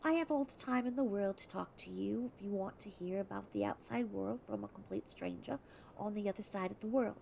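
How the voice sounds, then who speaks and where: A warm-hearted Australian woman in her thirties reads her own letter to a stranger, a woman putting on the accent. Her voice is earnest and heartfelt, with a mid-pitched, heavily gravelly texture. Faint noise sits behind her. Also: fairly quick. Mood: earnest, kind. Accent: put-on Australian.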